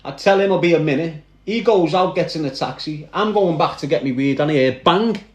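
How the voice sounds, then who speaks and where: A man with a Liverpool accent recounting his past in dramatic first-person storytelling, animated and speaking straight to his listeners. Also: on the high side, brisk, reverberant. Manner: animated, addresses listeners directly.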